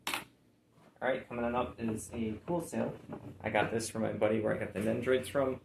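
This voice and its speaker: A man with a low, gravelly voice talks in a laid-back, rambling way, full of "like" and "uh". He sounds as though he is in an echoey room, with faint background noise. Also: fairly even intonation, moderate pace. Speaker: reseller showing sold items. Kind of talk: casual chat.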